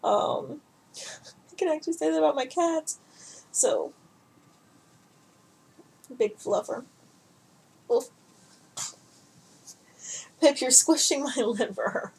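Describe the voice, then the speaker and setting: A woman's voice: high voice, expressive, slow pace, creaky, pauses often, darkish tone. A young adult woman chatting casually to camera, rambling, laughing often, and cooing baby talk at her cat. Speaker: vlogger.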